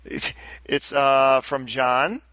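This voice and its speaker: A man's voice: medium pitch, steady tone, very slow, pushed and bright, no room sound. A man co-hosting a casual pinball podcast, laughing and teasing through the banter. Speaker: podcast co-host. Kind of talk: casual chat.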